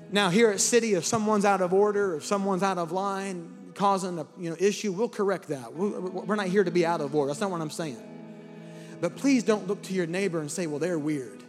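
Male pastor, high-pitched and fervent, sermon into altar call, recorded in a reverberant hall over soft music. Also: normal speed, some chatter behind. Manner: impassioned, rising to near-singing fervor. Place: large church hall with congregation.

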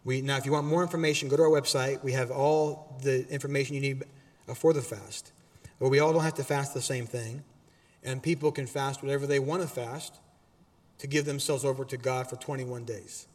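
A man preaching a sermon as pastor in a church auditorium, animated and exhorting, with casual asides to the congregation. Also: mid-range voice, brisk, big-room sound.

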